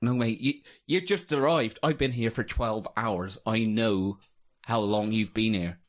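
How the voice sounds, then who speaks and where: A man's voice: on the low side, a little slow, voice pushed down, lightly acted. A man playing a kind, professional festival steward from Somerset, firm and patient.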